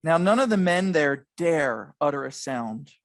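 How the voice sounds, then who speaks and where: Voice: medium pitch, expressive, unhurried, no echo, rough recording. A lecturer telling a history story in a dramatic way, stressing the key moments, at an evening museum lecture.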